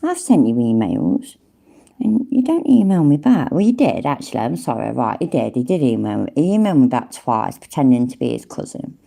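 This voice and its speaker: A woman's voice: a bass voice, sing-song, brisk, vocal fry, mellow. A woman giving mocking reaction commentary over a stream, sarcastic and taunting, swearing freely.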